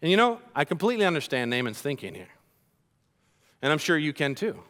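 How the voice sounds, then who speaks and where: A man's voice: a little high, very animated, a little fast, a bit bright. A man preaching a sermon, retelling a story with dramatic swings in volume. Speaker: pastor.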